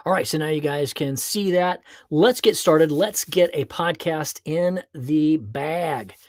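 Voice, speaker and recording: A man hosting his own podcast, chatting casually with viewers before he records, then talking in a playful, animated way. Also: fairly high pitch, takes it slowly, dry recording, studio quality. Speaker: podcast host. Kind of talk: casual livestream chat and podcast monologue.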